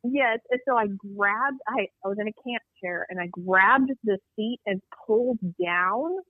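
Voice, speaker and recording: A woman guest telling an eerie personal story in an animated, rambling way, acting out what people said. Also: mid-range voice, measured pace, no echo. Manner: animated, rambling storyteller who acts out dialogue. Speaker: guest telling a Bigfoot encounter. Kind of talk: storytelling on a call-in interview. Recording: tinny dry phone line.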